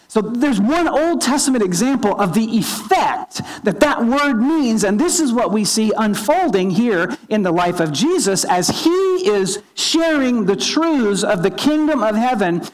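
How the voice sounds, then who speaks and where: A pastor giving a sermon in an earnest teaching tone, often restarting and repeating small words. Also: rough recording. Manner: opens with a quiet, low spoken prayer.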